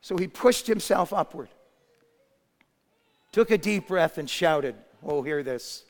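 A man preaching a sermon, retelling a story dramatically, dropping to a hush and then rising to shouts. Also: sits high, animated, takes it slowly, long pauses. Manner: dramatic retelling with shifts between hushed and shouted lines. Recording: long hall reverb.

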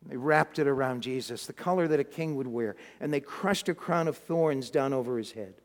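A man's voice: medium pitch, moderate pace, big-room sound. A man preaching a sermon, retelling a Bible story with dramatic emphasis and frequent restarts. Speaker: pastor.

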